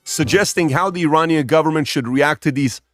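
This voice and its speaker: A male podcast host with a slightly high voice who cues his producer and reads out captions from a clip. Faint music plays behind him. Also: fairly quick, fairly bright tone. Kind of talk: podcast discussion.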